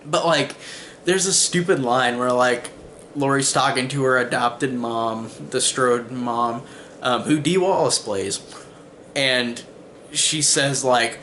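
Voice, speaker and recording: On his channel, a male film reviewer casually talks through a movie at a slow pace, his medium-pitched voice a bit bright. He rambles with plenty of "like" and "um" and swears when exasperated, and there's a little hiss or hum in the audio.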